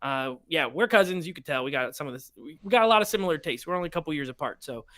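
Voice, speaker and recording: A podcast host chatting casually on a live stream, reading viewer picks aloud in a playful, animated way. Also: mid-range voice, very fast.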